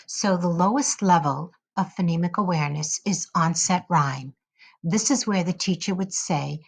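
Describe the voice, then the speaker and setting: A woman with a lowish voice explains a lesson at an unhurried, measured pace. She carefully sounds out each example for her listeners. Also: a bit bright. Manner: slow, deliberate, models sounds carefully. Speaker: teacher educator. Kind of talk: instructional lesson narration.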